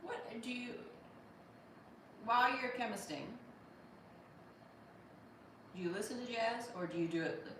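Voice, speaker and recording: A woman's voice: fairly high pitch, a little slow, long pauses, fairly bright tone, far from the mic, slight background noise. An American woman in her thirties hosting a casual livestream, joking and thanking viewers by name in a wry tone. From United States. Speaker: livestream host reading viewer comments. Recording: roomy echo from off-mic.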